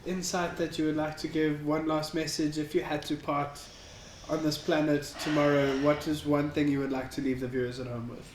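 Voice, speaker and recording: A woman's voice: deep voice, level tone, moderate pace, slight background noise, rough recording. A woman hosting a casual interview, adding brief interjections and asking a closing question. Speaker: podcast host.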